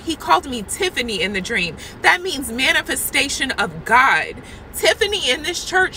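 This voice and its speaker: Bright high-voiced woman preaching fervently. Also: vocal fry, a little hiss or hum, poor audio. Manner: earnest, repetitive, talks straight to viewers as guys. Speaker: Christian vlogger sharing a prophetic word. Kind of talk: impassioned testimony and prophecy. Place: church parking lot.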